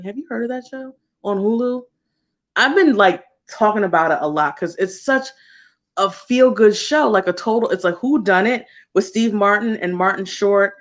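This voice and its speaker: A woman tarot card reader talking casually on a livestream, chatty and loose, laughing often and dropping slang and swear words. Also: fairly low pitch.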